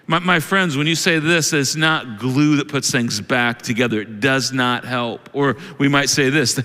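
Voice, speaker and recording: A man's voice: mid-range voice, animated, normal speed, few pauses, pushed and bright. A male pastor preaching a sermon in a large church, acting out quoted excuses in exaggerated voices. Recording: long hall reverb.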